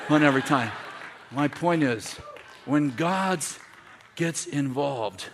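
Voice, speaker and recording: A man preaching a sermon to a congregation, telling stories with quoted dialogue and building to shouted, repeated lines. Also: medium pitch, slight background noise. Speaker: pastor. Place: church in front of a congregation.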